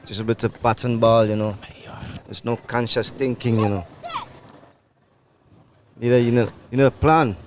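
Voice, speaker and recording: Brief: man putting on a mellow West Indian accent, cricket pro, easygoing, mid pitch. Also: steady tone, normal speed, long pauses, background noise, lightly acted. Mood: advising. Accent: put-on West Indian. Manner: easygoing, ends phrases with "man". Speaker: club professional cricketer.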